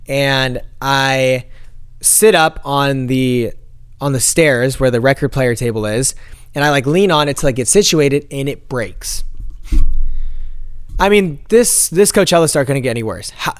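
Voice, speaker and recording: A young man vlogging an animated story to camera and acting out the quoted lines. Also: a little high, clean tone, dry recording, studio quality. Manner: animated, acts out quoted dialogue.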